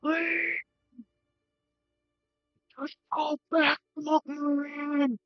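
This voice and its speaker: A man's voice: very high-pitched, little pitch movement, very slow, no room sound, lo-fi sound, faint music behind, pitched above the performer's own voice, full character voice. A man voicing a defeated, proud male giant warrior in a tabletop game, with strained, pleading cries.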